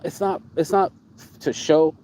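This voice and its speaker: A man hosting a casual chat, telling his travel stories in an excitable, profane way and repeating words for emphasis. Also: a little high, a little slow, slight background noise, rough recording. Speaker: show host.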